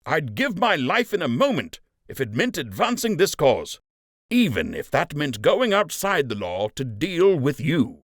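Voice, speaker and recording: A man voicing an angry, surly male rabbit soldier captain who speaks coldly and shouts. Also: fairly high pitch, very animated, measured pace, no echo, clean studio sound, voice pushed up. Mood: furious. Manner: cold, seething, shouting.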